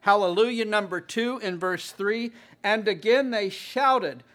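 Male preacher, slow and deliberate, slightly high voice, emphatic sermon delivery. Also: a bit bright. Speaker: pastor.

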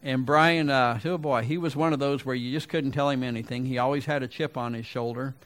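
A man's voice: mid-range voice, steady tone, fairly quick, a bit bright. A middle-aged man preaching a sermon, telling a folksy personal story and then asking rhetorical questions. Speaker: pastor.

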